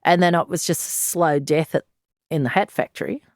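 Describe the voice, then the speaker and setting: In a studio-quality recording with no echo, an Australian woman in her sixties who used to be a detective tells her story as an interview guest. She's blunt, frank and earthy, sighing and laughing, and her low voice moves fairly quickly.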